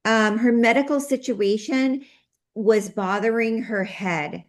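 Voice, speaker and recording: A woman's voice: a little high, steady tone, takes it slowly. A woman guest, a medical intuitive, earnestly relaying messages in an interview and quoting them in a repeated 'he says' pattern.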